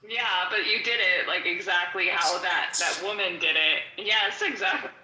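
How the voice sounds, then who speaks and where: A woman's voice: lowish voice, normal speed, sharp tone, reverberant, low-quality recording. A middle-aged woman walking through a neuroscience textbook in a chatty, digressive way, full of "like" and "um". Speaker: study-along teacher. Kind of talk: casual textbook walkthrough.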